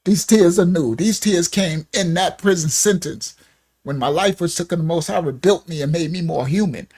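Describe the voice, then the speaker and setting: A man's voice: a little high, normal speed, a little mellow, slightly rough. A man giving a personal testimony in casual, slangy speech, often checking in with "right?", earnest and emotional. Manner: casual slangy talk with frequent "right?" tags. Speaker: ministry speaker giving a testimony. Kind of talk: personal storytelling.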